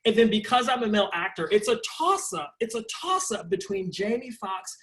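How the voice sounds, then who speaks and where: A young man with a higher-than-usual voice talks through his answers in a relaxed interview. He rambles, circles back and fills pauses as he goes, with an animated, conversational flow. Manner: animated, rambling, lots of fillers like "like". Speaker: interview guest, stage performer.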